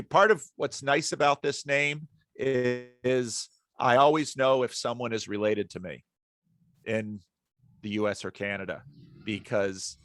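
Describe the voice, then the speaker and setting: A man's voice: mid-range voice, fairly bright tone, no echo, clean studio sound. A middle-aged man from northern New Jersey, a pastor chatting casually as a podcast guest and telling easygoing anecdotes. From northern New Jersey, outside New York City.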